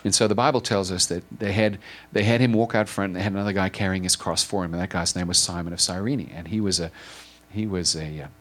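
A man preaching an informal sermon, retelling a story in an earnest, halting way with many repeated words and restarts. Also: low-pitched, steady tone, a bit bright. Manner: earnest and emotional.

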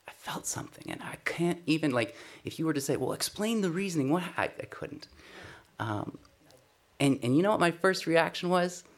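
A man giving a conversational sermon, telling a personal testimony in an earnest, self-deprecating way. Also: fairly high pitch. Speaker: speaker sharing a personal testimony.

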